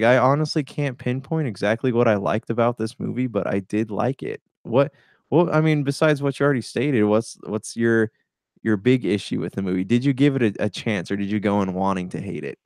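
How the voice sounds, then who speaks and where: A man's voice: mid-range voice, moderate pace, darkish tone, dry recording, studio quality. A man co-hosting a casual movie review chat, laid-back and hesitant, often saying "man". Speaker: movie podcast co-host.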